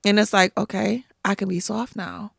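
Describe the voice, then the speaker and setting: A woman guest on a podcast, telling personal stories in a lively, emphatic way and acting out what others said. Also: medium pitch, moderate pace, vocal fry, breathy edge, dry recording, clean studio sound. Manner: animated, emphatic storytelling with acted-out quotes. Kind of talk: casual interview storytelling.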